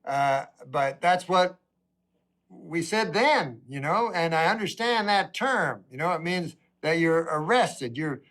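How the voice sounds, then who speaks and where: A middle-aged man doing a stand-up comedy routine, with a deadpan, rambling delivery full of asides. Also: fairly high pitch, takes it slowly.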